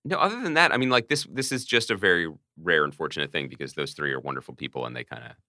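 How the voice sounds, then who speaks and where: A man with a notably deep voice co-hosts a casual podcast, telling stories with a wry, animated lilt. His tone is bright and forward, and the studio sound is dry and close. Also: fast, dry recording. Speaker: podcast co-host. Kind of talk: casual chat.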